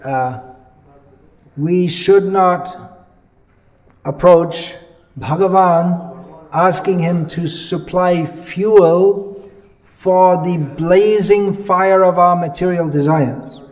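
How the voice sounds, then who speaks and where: A man giving a religious lecture as a monk, measured and explanatory, pausing often and restarting his sentences. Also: sits high, darkish tone, low-quality recording. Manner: halting, many pauses and restarts.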